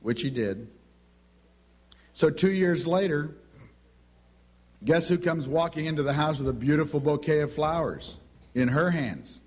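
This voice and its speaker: Husky middle-aged man telling family stories. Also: fairly high pitch, expressive, unhurried, long pauses. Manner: storytelling, acts out family dialogue. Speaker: speaker on Christian parenting. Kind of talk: anecdotal teaching talk.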